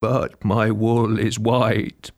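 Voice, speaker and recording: A man's voice: mid-range voice, takes it slowly, creaky, no echo, studio quality. A man voicing a sad little lamb. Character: sad young female white sheep.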